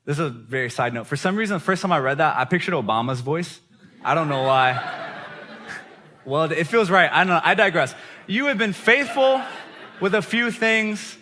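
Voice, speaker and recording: A man preaches a sermon by telling a story, animated and often laughing mid-sentence. His voice sits a little high and sounds bright and tense. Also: a little fast, a little hiss or hum. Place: church gathering hall.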